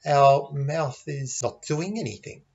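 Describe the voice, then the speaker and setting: A man with an Australian accent teaching English pronunciation in a patient, deliberate way and demonstrating the sounds he explains. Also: a little high, darkish tone, husky, lo-fi sound. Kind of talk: slow, deliberate teaching lesson.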